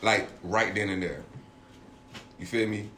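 A man's voice: lowish voice, noisy background. A man co-hosting a podcast who muses in a loose, slangy way during casual chat. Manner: loose, slangy, drawn-out musing. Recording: roomy echo.

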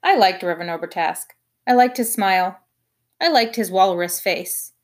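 A woman reading a children's novel aloud, telling the story in an expressive first-person voice. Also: medium pitch, moderate pace. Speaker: audiobook reader.

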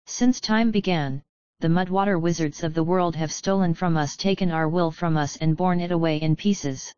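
A woman's voice: on the low side, moderate pace, a little mellow, clean tone, dry recording, muffled recording, close to an everyday voice. A woman voicing a small, proud, bitter male goblin leader who gives a grand speech in a raw, emotional voice.

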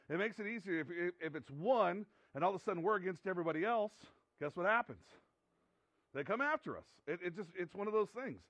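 Earnest high-voiced male pastor preaching. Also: no echo, muffled recording. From United States. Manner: earnest and conversational, with frequent repetitions and restarts. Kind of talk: sermon.

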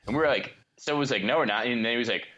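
A young man who co-hosts a podcast tells a story among friends in casual chat, speaking at a racing pace in a mid-range voice on a muffled recording. He's animated, acting out voices, laughing often, and packing his speech with "like".

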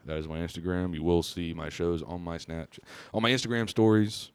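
A young comedian with a very low voice chats as a podcast guest, laid-back and constantly saying dude. He is recorded close and dry on a studio mic. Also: fairly even intonation, fairly quick, clear, resonant tone, no room sound. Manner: laid-back, says dude and bro a lot. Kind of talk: casual podcast chat.

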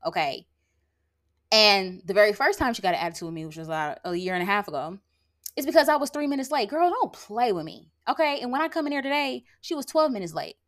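A woman's voice: medium pitch, fairly bright tone. A woman hosting her own podcast in a casual monologue, sassy and emphatic, constantly checking in with "okay?" and "like". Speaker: podcast host; lash artist and brow tattooer. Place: rural area.

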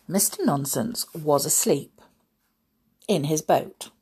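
A woman reads a children's story aloud, her voice rising and falling in wide sweeps. She speaks slowly, with a soft, breathy tone, and keeps asking her listeners questions. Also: sits low. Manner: animated, asks listeners questions.

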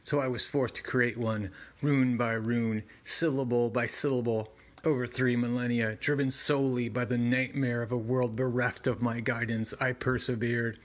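A man's voice: medium pitch, fairly even intonation, normal speed, natural voice. A man voicing an arrogant, menacing ancient horned demon god in a strained, growling monster voice, reading a comic aloud.

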